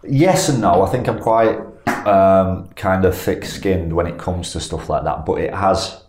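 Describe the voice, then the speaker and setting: Man, deep low voice, rambling anecdote, echoey room. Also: a little slow. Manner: rambling, self-correcting, animated when retelling. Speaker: professional footballer guest. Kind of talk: casual storytelling anecdote. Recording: echoey room, faint background noise.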